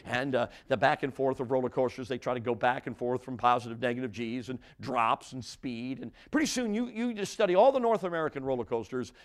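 Speaking a little fast with barely a pause, an older preacher with a medium-pitched voice delivers a sermon in church. He engages the congregation with a humorous story and frequent questions, restarting himself and slipping in asides.

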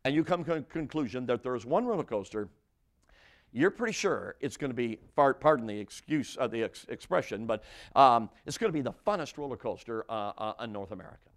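An older male preacher delivers a sermon with a humorous personal story, his voice swinging up and down with lively expression. He talks straight to the congregation, tossing them questions and starting his sentences over as he goes. His pitch sits in the middle of the male range. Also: fairly quick. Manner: animated, audience-engaging, frequent restarts and asides. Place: church before a congregation.

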